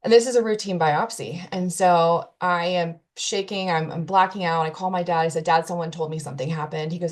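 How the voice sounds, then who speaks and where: A woman's voice: lowish voice, fairly even intonation, fairly quick, few pauses. A woman telling an emotional personal story in an interview, earnestly recounting events and quoting what people said. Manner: earnest, emotional retelling with quoted dialogue. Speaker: guest telling her story.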